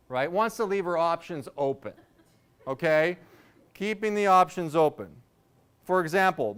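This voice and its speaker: Guy in his 30s doing standup, kinda high clean voice, rambly self-mocking dad stories. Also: fairly bright tone, clear, resonant tone. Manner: loose, rambling storytelling with self-mocking asides. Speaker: stand-up comedian. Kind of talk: stand-up comedy set.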